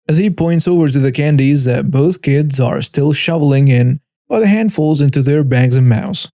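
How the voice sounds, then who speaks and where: A man giving wry, even scripted narration of online stories. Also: fairly high pitch, moderate pace, hardly any pauses, no echo, studio quality.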